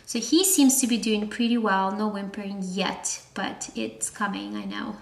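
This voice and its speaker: A woman at home calmly explaining, step by step, how she crate-trains her new puppy, in a casual how-to manner. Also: medium pitch, moderate pace, creaky. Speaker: vlogger, new puppy owner. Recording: roomy echo, faint background noise.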